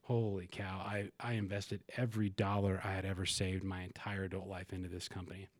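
A man with a low voice speaks as a podcast guest, open and emotional, with plenty of swearing and false starts. The sound is dry and close, with no room around it. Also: little pitch movement, a little fast, dry recording. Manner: emotional and frank, swears, frequent restarts and fillers. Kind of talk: candid conversational storytelling.

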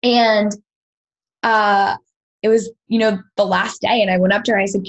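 A woman's voice: mid-range voice, fairly even intonation, moderate pace, poor audio. A woman guest on a podcast, earnestly telling a personal story and acting out quoted dialogue. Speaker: podcast guest, sound healer.

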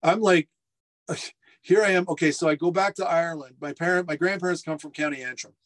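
Middle-aged man, slightly high voice, animated storyteller on a video call from home. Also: fairly quick. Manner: lively anecdotal storyteller, acts out quotes. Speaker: restaurateur guest. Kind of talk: casual storytelling interview. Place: home furnace room.

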